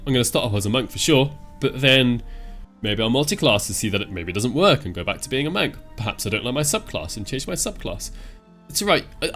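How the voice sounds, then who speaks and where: A man with a stuffy, cold-affected voice talks quickly and easily, explaining game choices step by step. His tone is chatty and reassuring, like a channel host talking to his viewers. Faint music plays behind him. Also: mid-range voice, a bit bright. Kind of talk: casual game advice talk.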